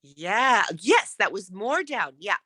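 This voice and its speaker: A woman coaching speakers in an online workshop, encouraging them and demonstrating how to end sentences with a falling pitch. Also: very animated, slow, pushed and bright, no echo.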